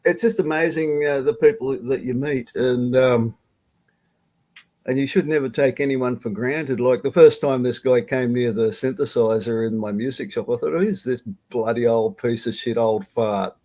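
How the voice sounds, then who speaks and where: An older Australian man telling a rambling, halting story over a video call, swearing and laughing as he goes. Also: mid-range voice, steady tone, warm tone. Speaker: guest storyteller. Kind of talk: casual storytelling on a live stream.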